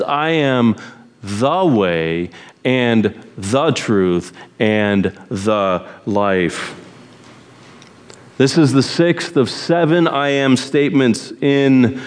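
A man preaching a sermon at a very slow, deliberate pace, leaning hard on key words. His voice sits in a middle pitch, and a long reverb from a large hall follows each phrase. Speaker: pastor.

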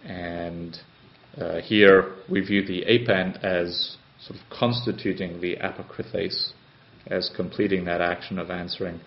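A man teaching a grammar lesson as a language tutor, slow and methodical, with frequent pauses and hesitations. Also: sits low, steady tone. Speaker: Greek tutor. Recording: slightly dull, lo-fi sound.

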